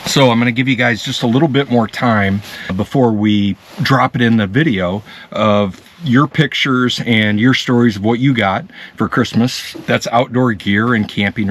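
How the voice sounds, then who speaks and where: A man's voice: mid-range voice, moderate pace, a little hiss or hum. A man vlogging his solo van camping trip in a casual, chatty way, talking straight to his viewers. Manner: chatty, talks directly to viewers as folks. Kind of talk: casual solo vlog narration to camera. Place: outdoors at a riverside campground in the rain.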